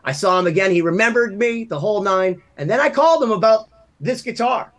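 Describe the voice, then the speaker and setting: Animated storytelling man, mid-high voice. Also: brisk. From Massachusetts. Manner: animated storyteller, swings loud and quiet. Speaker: podcast co-host. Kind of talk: casual chat.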